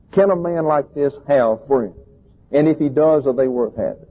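A man's voice: medium pitch, husky. A man preaching a sermon emphatically and with scorn, asking rhetorical questions. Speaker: pastor. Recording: tinny phone-like recording.

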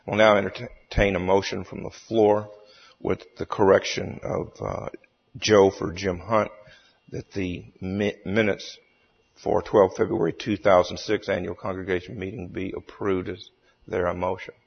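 Halting, gravelly man chairing a church meeting. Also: deep voice, level tone. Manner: halting, many fillers and restarts. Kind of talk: formal meeting chairing with a joke. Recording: echoey hall, dull lo-fi sound.

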